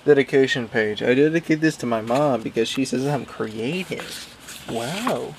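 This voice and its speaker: A man's voice: mid-range voice, moderate pace, a little hiss or hum. A young man casually reading a book he made as a child, with wry asides and frequent ums. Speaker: YouTuber.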